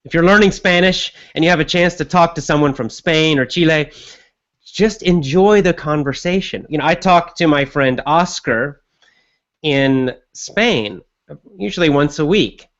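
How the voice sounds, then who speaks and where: Male podcast teacher, slightly high pitch, easygoing and repetitive, recorded on dull muffled audio. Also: a little slow. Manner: relaxed, repetitive coaching tone. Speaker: English teacher and podcast host. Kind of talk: conversational lesson monologue.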